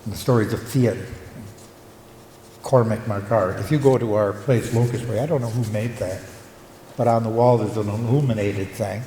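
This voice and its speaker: An older man, a local historian and retired teacher, gives a reflective conference talk, pausing with fillers as he tells stories. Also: on the low side, fairly even intonation, dark tone. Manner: reflective storyteller, halting with fillers. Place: conference hall. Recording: echoey hall, faint room noise.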